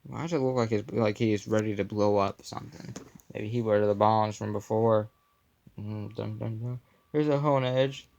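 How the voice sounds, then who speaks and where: A man's voice: on the low side, steady tone, moderate pace, gravelly, darkish tone, lo-fi sound. A young man casually commenting on his card collection, slipping goofy puns and mumbled asides in between.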